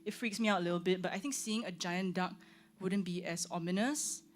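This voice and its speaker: A woman's voice: lowish voice, brisk. A young woman, a singer chatting casually on a livestream, rambling with lots of "like" and "um". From Singapore. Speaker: singer hosting her own launch stream. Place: room with her band.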